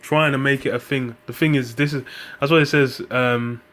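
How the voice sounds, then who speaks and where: A man's voice: mid-range voice, steady tone, moderate pace, a bit bright. A man preaching in a rambling, casual monologue, full of fillers and profanity, quoting scripture. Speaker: religious group member.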